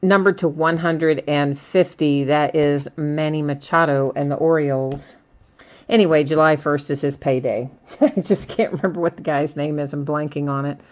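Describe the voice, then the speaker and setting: A woman with a low voice hosts a live trading-card break. She chats casually, laughs often and reads out viewers' comments as she opens packs. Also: steady tone, normal speed, a little mellow. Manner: chatty, laughs often, reads chat aloud.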